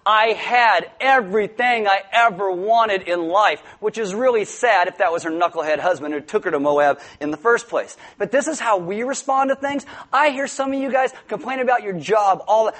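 A male pastor with a notably high voice delivers a sermon. He talks to the congregation in a loose, joking way and now and then breaks into loud outbursts. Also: moderate pace, hardly any pauses. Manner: joking, conversational preaching with sudden loud outbursts. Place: church before a congregation.

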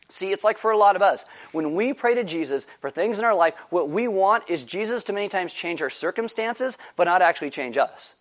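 High-voiced male pastor preaching. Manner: animated, acts out scenes with voices. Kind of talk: sermon.

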